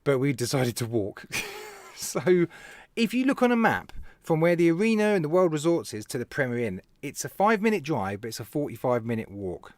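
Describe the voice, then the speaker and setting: A man with a British accent hosting a casual live stream, telling stories in an animated way, laughing and talking to viewers by name. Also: a little high, brisk, no echo. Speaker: live show host, vape reviewer.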